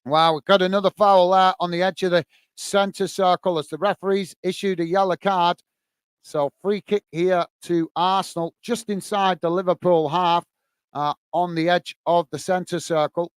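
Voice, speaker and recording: A man's voice: sits high, fairly even intonation, normal speed, clear, resonant tone, dry recording. A man hosting a live football watch-along, describing play and chatting with viewers, calling them mate. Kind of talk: live match commentary and chat with viewers.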